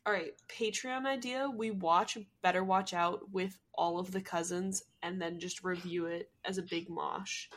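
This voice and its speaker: A woman's voice: fairly low pitch, steady tone, a little slow, hardly any pauses, fairly bright tone. A young woman from New Jersey co-hosting a podcast in casual chat, giggly and full of filler words. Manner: chatty, giggly, lots of "like" fillers. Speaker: podcast co-host.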